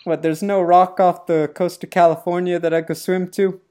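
A woman co-hosting a casual sports podcast, chatting in a playful, joking, animated way. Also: lowish voice, moderate pace. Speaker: podcast co-host.

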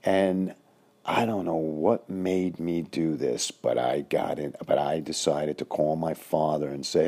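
Older New man in his sixties, deep gravelly storyteller, rambling, casual. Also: a little slow, dark tone. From Queens, New York. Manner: rambling, self-correcting.

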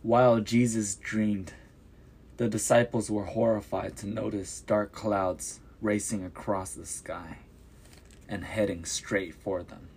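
A man reading a Bible story aloud as a podcast narrator, measured and descriptive. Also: fairly low pitch, steady tone, darkish tone, slightly rough.

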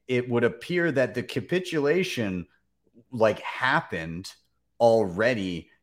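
A man hosting a casual finance chat, who rambles with lots of fillers and bursts into exclamations. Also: lowish voice. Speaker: host.

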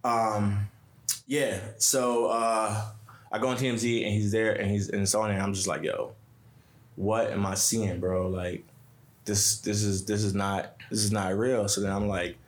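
A man with a fairly low voice tells a story in relaxed podcast chat. He keeps repeating words and quotes his friends in slang. The room gives his voice a clear echo. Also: a little slow. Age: adult with a young son. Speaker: podcast guest.

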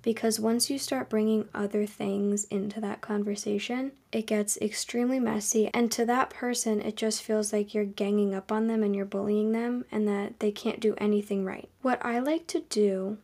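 A young woman hosting a podcast, giving advice in a calm, earnest, conversational monologue. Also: mid-range voice, moderate pace, few pauses. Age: young adult. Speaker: podcast host.

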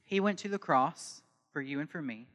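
A pastor preaches to his congregation in a sermon, his voice high and bright. A long reverb trails each line through the church hall. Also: normal speed. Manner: builds from calm teaching to loud impassioned preaching.

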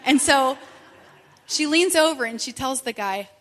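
Thirtysomething woman telling her story, chatty and animated, lots of asides, echoey hall. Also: high voice, unhurried. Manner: animated, conversational, full of asides. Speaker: speaker sharing a personal testimony. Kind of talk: emotional personal storytelling. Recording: long reverb from a hall.

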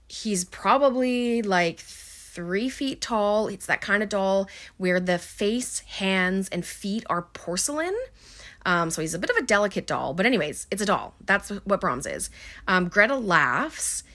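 A woman's voice: on the low side, fairly bright tone. A woman casually retelling a film plot, chatty and wry, with lots of ums and likes. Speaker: movie recapper. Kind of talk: casual spoken film recap.

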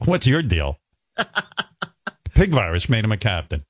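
A man's voice: lowish voice, no echo, clean studio sound. A man hosting a radio talk show, telling wry, self-mocking stories in casual banter. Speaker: radio host.

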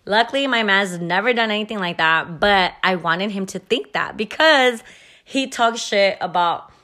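A woman's voice: medium pitch, moderate pace, bright, forceful tone. A woman hosting a podcast, telling a story in a chatty, profane way and saying "like" constantly. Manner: chatty and profane, heavy use of "like". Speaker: podcast host. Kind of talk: casual storytelling.

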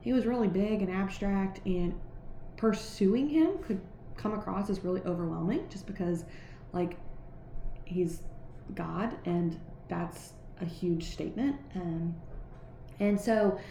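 A woman's voice: mid-range voice, mellow. A woman giving a casual, earnest devotional reflection, talking conversationally with many "like"s and "right"s. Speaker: Christian devotional speaker. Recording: echoey room with faint background noise.

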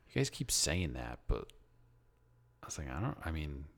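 A man's voice: rumbling low, sing-song, normal speed, vocal fry, a bit bright. A man co-hosting a podcast in casual chat, speculating and trailing off into half-remembered facts. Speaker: podcast co-host.

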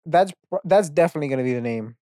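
A man's voice: fairly high pitch, animated, rapid-fire, warm tone, no echo, studio quality. A young man hosting his own podcast, rambling through a profane, self-mocking solo rant with lots of restarts. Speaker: podcast host.

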